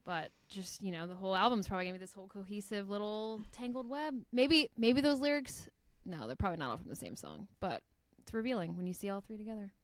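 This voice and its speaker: A woman's voice: medium pitch, quick pace, no echo. Woman, podcast co-host, casual rambling chat, dry close recording. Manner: loose, filler-heavy, speculative talk.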